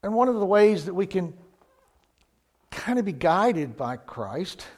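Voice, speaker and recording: A man with a fairly high voice delivers a sermon at a slow, deliberate pace. He sounds earnest and lets his volume swell on the lines he wants to land. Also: very animated, darkish tone. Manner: slow, earnest, rises in volume on key points. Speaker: preacher.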